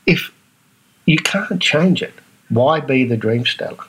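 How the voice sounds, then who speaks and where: Animated Australian man with a husky voice. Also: slow, low-quality recording. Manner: animated, acts out other people's reactions in a higher voice. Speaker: podcast host. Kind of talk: casual monologue.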